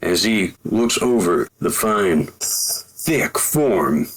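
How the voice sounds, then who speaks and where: A man's voice: fairly low pitch, animated, extremely slow, husky. A man narrating a tabletop game as game master, in a theatrical, joking way.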